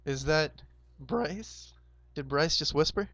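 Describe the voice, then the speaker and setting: Hoarse young man rambling through a game recap. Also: fairly high pitch, expressive, slow pace, a bit bright, no echo, dull audio. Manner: rambling, laid-back, many fillers and restarts. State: hoarse, sore throat. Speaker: roleplay game host. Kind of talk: casual game recap over voice chat.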